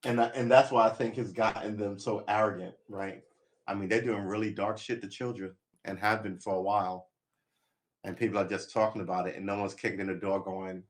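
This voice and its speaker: A man's voice: on the low side, steady tone, fairly quick. A man chatting casually on a live stream, rambling and making wry jokes.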